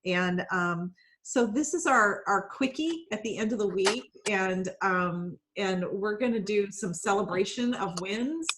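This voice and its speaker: A woman's voice: mid-range voice, measured pace, noisy background. A woman hosting a casual video call, chatting and greeting each guest by name as they join from home. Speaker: founder and host of a networking call. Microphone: computer mic on a video call.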